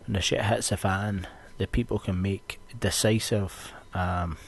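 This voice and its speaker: A man's voice: low voice, unhurried, creaky, slightly rough. A young Scottish man, a podcast host, chatting casually and ranting with plenty of swearing. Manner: sweary, ranting, animated storytelling.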